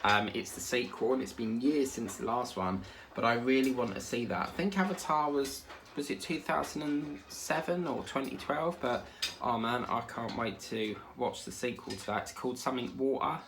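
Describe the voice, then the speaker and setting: A man's voice: medium pitch, normal speed, background noise. A man, chatting casually as a crafting vlogger while he works, rambling and easily sidetracked.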